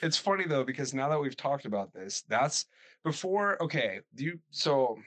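A man's voice: medium pitch, normal speed. A man co-hosting a casual podcast, telling a spooky story with crude jokes and acting out the voices of the people in it. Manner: animated storyteller, crude jokes, acts out quotes. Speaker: podcast co-host. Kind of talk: casual chat.

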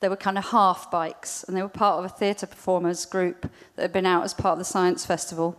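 A woman's voice: on the low side, level tone, a little fast, long reverb tail. A woman chattily sharing a story with a conference audience, with frequent ums and asides. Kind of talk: spoken testimony to an audience.

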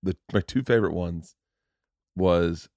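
A middle-aged man hosting a podcast in casual chat, telling animated stories with lots of swearing and acted-out quotes. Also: low voice, measured pace, no room sound, studio quality. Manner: animated storyteller, swears often, acts out quotes. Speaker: podcast host.

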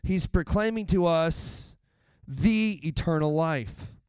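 A man delivers a sermon in a chatty, lively way, dropping asides to the congregation. His voice sits a little high and sounds smooth and resonant. The recording is dry and close. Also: slow pace, no echo. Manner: conversational and animated, with asides. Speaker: pastor.

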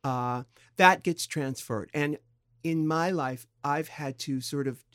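A middle-aged man from San Diego, co-hosting a podcast in candid, casual talk, thoughtful and halting with expressive swings in pitch. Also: no echo, studio quality. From San Diego, California. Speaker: podcast co-host.

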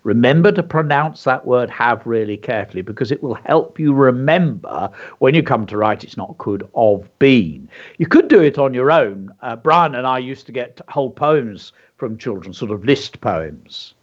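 Speaking at a moderate pace with hardly any pauses, this children's show co-host uses a medium pitch and lively intonation. He teaches kids with enthusiasm, carefully emphasizing words, though the audio comes through dull and lo-fi.

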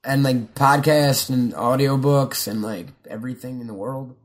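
A man's voice: medium pitch, fairly even intonation, normal speed. A young man in casual chat, rambling and swearing freely as he jumps between stories and quotes. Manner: rambling, swears often, quotes movie lines.

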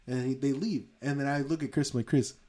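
A young man in a casual podcast chat, telling a long story in a rambling, profane way. His voice sits at an ordinary middle pitch, and he often breaks into laughter. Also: steady tone, fast, mellow.

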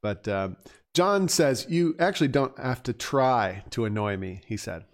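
A man in casual chat, rambling and teasing with a lively back-and-forth manner. His voice sits at a middling pitch for a man. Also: a little slow. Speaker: podcast co-host reviewing bagpipe submissions.

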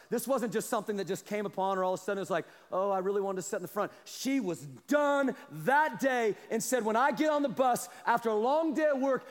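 A high-voiced man preaching in a church, his words trailing off in a long hall echo. He drops to quiet asides, then rises to shouted calls. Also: expressive, brisk. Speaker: pastor. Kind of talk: sermon. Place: church sanctuary. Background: congregation responding.

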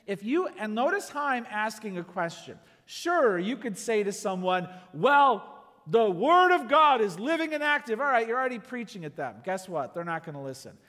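A pastor giving a conversational sermon, full of rhetorical questions and acted-out quotes. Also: male voice, high voice, a bit bright, big-room sound.

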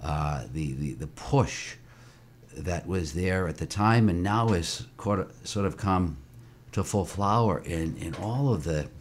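A priest in his sixties talks through his memories in a very low, deep voice, halting often with fillers and restarts. Faint room noise sits under his speech. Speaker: priest, interview guest. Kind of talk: reflective interview conversation.

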